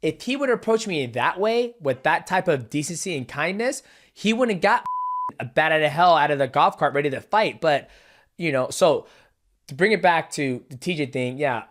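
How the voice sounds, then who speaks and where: A man's voice: a little high, moderate pace. A man hosting a podcast in casual chat, brash and profane, telling stories with energy. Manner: brash, profane, animated storyteller. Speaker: podcast host.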